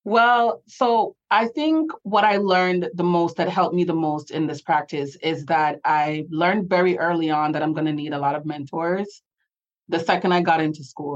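A young Jamaican-accented woman talking through her story, her pitch sitting a little low. She chats freely, laughs often and acts out what people said to her. The audio is a touch dull. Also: moderate pace. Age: young adult. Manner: chatty, laughs often, quotes herself and others. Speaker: lawyer guest. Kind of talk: casual interview storytelling.

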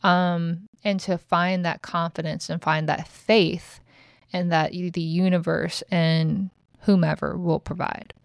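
A woman's voice: on the low side, steady tone, slow, vocal fry, smooth, no room sound, studio quality. A middle-aged woman who hosts a podcast, talking frankly and casually and swearing now and then. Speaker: podcast host. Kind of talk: casual motivational chat.

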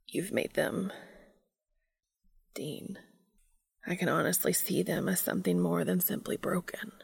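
A woman voicing an earnest, soft-spoken male angel who talks quietly and sometimes whispers. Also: lowish voice, animated, unhurried, creaky, husky, heavily acted. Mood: tender.

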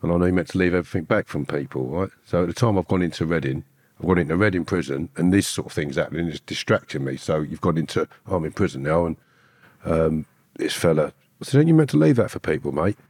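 A very deep-voiced man in his fifties speaks bluntly and candidly, in streetwise slang with the odd curse. The recording is close and dry, with no room sound. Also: fast, a little mellow, no echo. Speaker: guest who committed a kidnapping. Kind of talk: candid storytelling.

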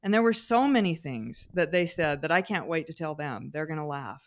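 A middle-aged woman with a somewhat low voice co-hosts a casual podcast. She tells family stories at length, with plenty of fillers and restarts along the way. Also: animated, moderate pace. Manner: warm storyteller, frequent fillers and restarts. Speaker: podcast co-host.

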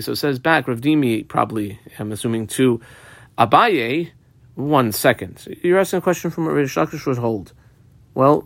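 A man's voice: mid-range voice, dry recording. A man teaching a Talmud lesson, reading the text aloud with a rising lilt and then explaining it in plain English. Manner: reads Aramaic lines with a rising, sing-song lilt, then explains them.

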